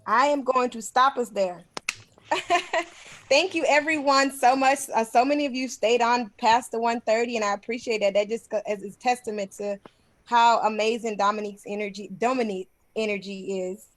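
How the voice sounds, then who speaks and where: A woman hosts and wraps up an online session over a video call. Her voice sits a little high, and her upbeat, thankful delivery comes through dry and close. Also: fairly even intonation, moderate pace, no room sound. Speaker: host of the session. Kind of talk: closing remarks for an online session.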